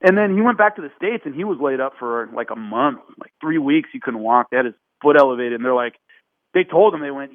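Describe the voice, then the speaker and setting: Animated man telling a story. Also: a little fast, no room sound. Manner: animated, acts out quotes with raised pitch. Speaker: podcast guest. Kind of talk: casual storytelling. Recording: phone-like narrow band.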